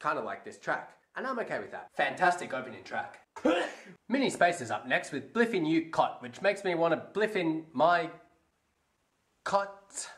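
A man's voice: a little high, sing-song, normal speed, fairly bright tone, a little hiss or hum. A man giving a comedic album review in a wry, sarcastic way, swearing freely. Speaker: music reviewer. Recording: echoey room with faint music.

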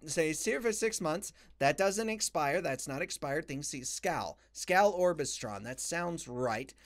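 Young man, let's play commentary, muttering, reading aloud, high voice. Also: lively intonation, measured pace, hardly any pauses. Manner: muttering while reading game documents aloud. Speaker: gamer.

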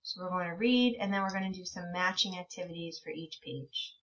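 A woman teacher leading a reading lesson for young children, encouraging them and reading words out very slowly. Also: on the low side, fairly bright tone, recorded from a distance. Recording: dull lo-fi sound from a bit away from the mic.

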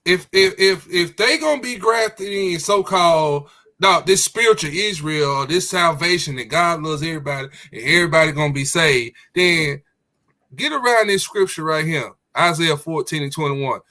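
A man with a bright, ringing voice that sits a little high. He talks like a preacher, leaning hard on his words and stretching them out, in a casual online call. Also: animated. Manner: preachy, emphatic, drawn-out stresses. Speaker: podcast co-host. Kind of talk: casual religious discussion.

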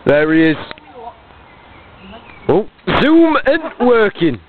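Excitable man in a put-on Barnsley accent. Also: slow. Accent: put-on Barnsley Yorkshire. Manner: exaggerated excitable commentator voice, swooping pitch. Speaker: mock cricket commentator. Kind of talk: joking amateur sports commentary. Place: outdoors at a casual cricket game. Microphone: camcorder mic. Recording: muffled home camcorder with friends chattering.

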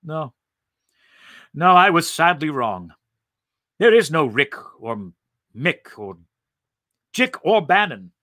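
A man voicing a timid, bewildered Martian man who speaks softly and hesitantly. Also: on the high side, sing-song, slow pace, pauses often, no room sound, studio quality, exaggerated voice. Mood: mournful. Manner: soft, hesitant, polite.

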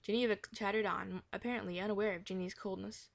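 A woman reading a children's chapter book aloud in a gentle manner, now and then correcting herself. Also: medium pitch, steady tone, fast talker, gravelly. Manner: gentle, with occasional self-corrections. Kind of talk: storybook read-aloud.

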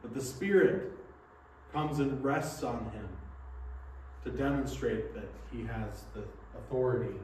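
This pastor's voice is mid-range and a little mellow, and he speaks at a measured pace. He delivers an earnest sermon full of rhetorical questions inside a church sanctuary. It's captured from a distance in a reverberant hall with a bit of background noise.

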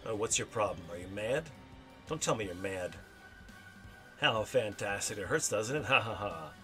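A man's voice: on the low side, animated, normal speed, pushed and bright, faint music behind. A man voicing a gleeful, sadistic male demon villain in a video game, taunting and cackling. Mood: gloating.

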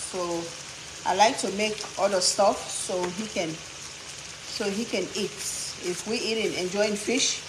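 A woman's voice: medium pitch, noisy background. A woman from Africa, telling funny stories while cooking in her home kitchen. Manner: animated, humorous storyteller. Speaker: cooking vlogger. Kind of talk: storytelling chat while cooking. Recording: echoey kitchen with faint cooking sounds.

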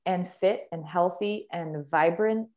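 A young woman with a slightly lower voice talks fitness and health as a podcast guest. She is enthusiastic and emphatic, stacking words and repeating them to drive each point home. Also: slow, a little mellow. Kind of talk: conversational podcast interview.

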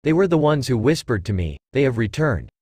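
An unsettling young mage tells of ancient dragons, voiced by a man reading a story. The delivery is even, with a pitch that moves a lot. The recording is dry and close. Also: fairly quick, no echo. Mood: ominous.

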